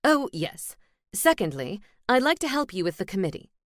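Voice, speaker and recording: Chatty helpful male ghost, read by a woman, earnest, mid-pitched. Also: big pitch swings, moderate pace, dry recording, clean studio sound, natural voice. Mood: eager.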